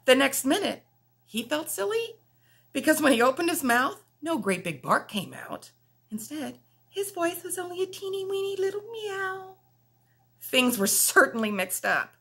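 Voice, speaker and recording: Teacher-type woman, storybook read-aloud, higher voice, animated, puts on playful character voices. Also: gravelly, breathy edge. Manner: lively, puts on voices for animals, laughs along.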